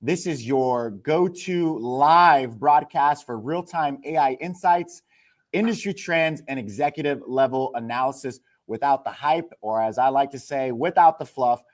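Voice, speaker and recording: A man hosting a live business broadcast, upbeat and energetic in his delivery. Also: mid-range voice, a little slow. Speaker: host.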